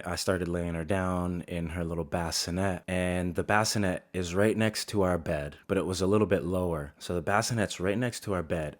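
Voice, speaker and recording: A man in his thirties doing a stand-up monologue, telling his stories in a profane, exasperated way. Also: low-pitched. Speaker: stand-up comedian.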